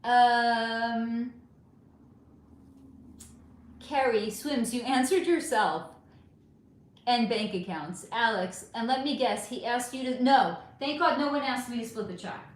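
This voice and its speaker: A middle-aged woman runs a casual livestream from a room at home, reading chat comments aloud and ranting with lots of swearing. Her voice is a little high, and she speaks slowly with frequent pauses, in an echoey room.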